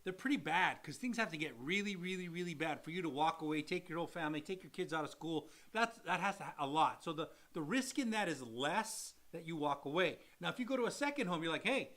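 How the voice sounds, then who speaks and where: A man's voice: fairly high pitch, lively intonation, fast, few pauses, fairly bright tone. A man working as a mortgage loan officer, co-hosting a casual live Q&A and explaining loans with acted-out examples and repeated phrases.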